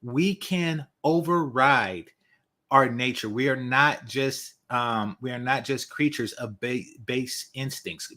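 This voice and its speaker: A man with a slightly high, somewhat bright voice gives reaction commentary online, blunt and mocking, hammering his points home by repeating them.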